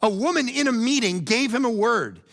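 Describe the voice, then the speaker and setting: A man preaches in a relaxed, conversational way, leaning into stories and playful asides. His voice sits high for a man and carries a gravelly fry. He talks as a pastor speaking to his own congregation. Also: normal speed. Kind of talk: conversational sermon.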